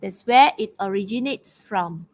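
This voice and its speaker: Speaking in a mid-range, slightly mellow voice at a measured pace, this woman is expressive as she hosts an online poetry quiz. Her Malaysian English accent comes through as she praises answers, often restarting and leaning on fillers. Audio quality is poor.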